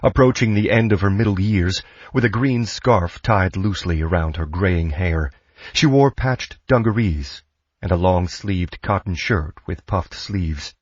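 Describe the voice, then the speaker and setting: A man giving a steady, scripted audiobook narration. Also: low voice, measured pace, slightly rough, no echo, highs cut off.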